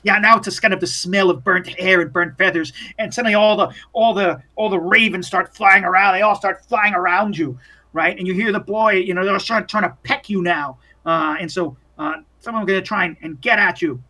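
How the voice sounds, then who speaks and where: A man running a tabletop game as game master, narrating in a halting, rambling way full of restarts. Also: sits high, sharp tone.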